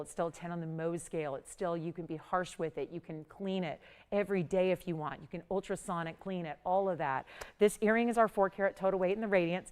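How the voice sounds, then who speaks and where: A woman's voice: fairly low pitch, smooth. A middle-aged woman hosting a live TV jewelry shopping show, talking in chatty, upbeat sales patter. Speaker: home shopping host.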